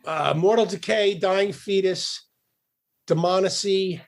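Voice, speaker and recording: A man's voice: sits high, slow pace, creaky. A middle-aged man, a guest musician on a casual podcast interview, talking in a profane, rambling way with frequent repeated words.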